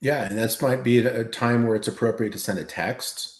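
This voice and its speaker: A man chatting casually and giving relaxed advice as host. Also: medium pitch, moderate pace. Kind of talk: casual chat. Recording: roomy echo.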